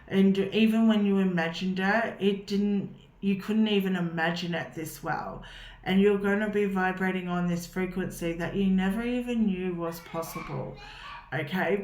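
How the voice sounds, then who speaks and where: A woman's voice: medium pitch, unhurried, darkish tone, reverberant, a little hiss or hum. Woman giving an encouraging tarot reading. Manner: reassuring, repeats "okay?". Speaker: tarot reader.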